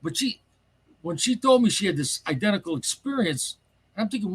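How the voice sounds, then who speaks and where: A man calling in to a show, telling a strange story in a rambling, excitable way and swearing casually. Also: high-pitched, moderate pace, husky. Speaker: caller sharing a paranormal story.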